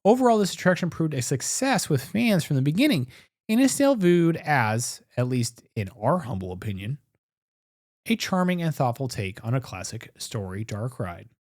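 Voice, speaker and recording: Male co-host, casual and explanatory, lively pitch, very dry sound. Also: moderate pace, dry recording. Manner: chatty, explains park details step by step. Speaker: podcast co-host. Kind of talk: casual chat.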